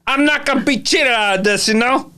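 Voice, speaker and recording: A man's voice: very high voice, fairly quick, pushed and bright, smooth. A man playing a chatty young man with a put-on Brooklyn accent in an amateur radio-play reading. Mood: wistful, joking. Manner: chatty, wisecracking, drops into asides.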